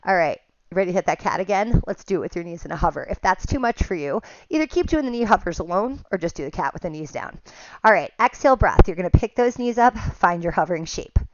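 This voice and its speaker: A woman teaching a pilates class, giving calm step-by-step cues and counts, a little out of breath at times. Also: fairly low pitch, quick pace, highs cut off. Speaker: pilates instructor. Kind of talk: guided exercise class cues.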